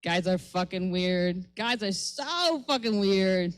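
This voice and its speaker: A woman's voice: mid-range voice, animated, takes it slowly, poor audio. A young woman from Israel, doing a brash, profane stand-up set on a comedy lounge stage. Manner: brash, profane, acts out voices.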